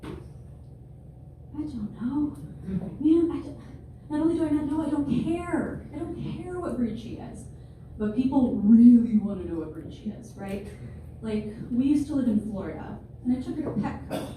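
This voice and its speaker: A woman in her twenties performs stand-up before a live crowd in a large room, her high-pitched voice expressive and warm at a normal speed. Her humor is wry and self-deprecating, peppered with playful asides. The recording is distant and noisy, caught in a very echoey hall.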